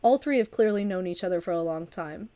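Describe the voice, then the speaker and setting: On her livestream, a streamer and storyteller reads a vampire visual novel aloud in a lowish, dark voice, moving fairly quickly. She's near the end of a long illness, occasionally stumbling and starting over, with chatty remarks between passages.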